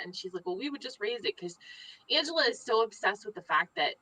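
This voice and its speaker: A woman's voice: lowish voice, a little fast, pushed and bright, rough recording. A woman co-hosting a casual podcast chat, opinionated, acting out what others said and saying "like" often. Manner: opinionated, acts out quotes, says like often. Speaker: podcast co-host.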